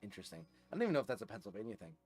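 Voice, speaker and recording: A man's voice: medium pitch, huge pitch swings, very fast, vocal fry, a little mellow, husky, soft background music. A man in his twenties with a New Jersey accent, chatting casually on a live game stream, rambling and chuckling, with lots of fillers and restarts. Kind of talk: casual live-stream chat while gaming.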